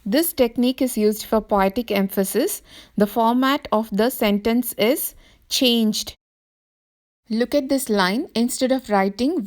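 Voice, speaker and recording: A woman's voice: on the high side, a little mellow. A woman with an Indian English accent teaching a recorded English literature lesson in a careful, explanatory way. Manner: slow, careful explanatory delivery.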